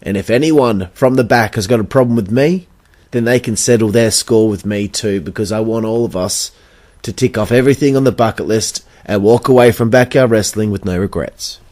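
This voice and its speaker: A man's voice: fairly low pitch, darkish tone. A young Australian man hosting a podcast, telling a story in a blunt, casual way, swearing freely and acting out the back-and-forth of conversations. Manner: blunt, swears freely, acts out quoted exchanges. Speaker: podcast host and backyard wrestler.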